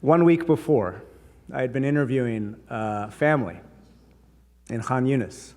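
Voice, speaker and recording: At a dinner in a large hall, a man gives a conversational, anecdotal speech, slipping humor into his stories and voicing others in quoted bits. His mid-range voice has a darkish tone and runs a little slow, with long hall reverb on the recording.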